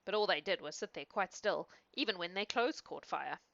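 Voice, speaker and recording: Bright-voiced woman reading a fairy tale. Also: fairly low pitch, expressive, normal speed, vocal fry, dry recording. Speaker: storyteller. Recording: dull, dry lo-fi recording.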